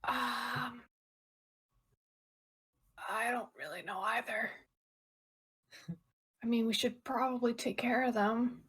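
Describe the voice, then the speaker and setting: Soft hesitant woman player, super breathy, slow. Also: fairly high pitch, steady tone, low-quality recording.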